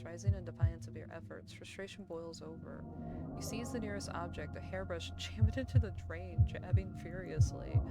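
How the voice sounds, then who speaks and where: Young woman streamer, dramatic horror narration, loud game music behind. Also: on the low side. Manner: dramatic narration broken by giggles and reactions. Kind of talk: reading a horror visual novel aloud.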